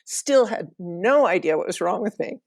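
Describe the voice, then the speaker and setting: A woman's voice: medium pitch, lively intonation, normal speed, darkish tone. A middle-aged woman telling a personal travel story, emotional and laughing now and then as she recalls it. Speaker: podcast storyteller.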